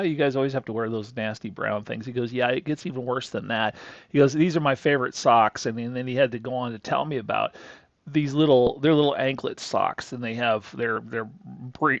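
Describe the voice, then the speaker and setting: A man's voice: mid-range voice, creaky, no echo, highs cut off. A man hosting a crypto channel, telling a rambling, folksy story with chuckling asides. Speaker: crypto analysis channel host. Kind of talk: casual storytelling monologue.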